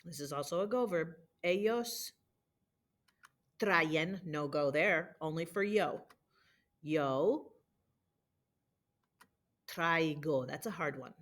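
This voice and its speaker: A woman's voice: deep voice, animated, slow pace, pauses often. Woman teacher drilling verb forms. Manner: patient, drilling conjugations aloud. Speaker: Spanish teacher. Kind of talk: recorded homework walkthrough.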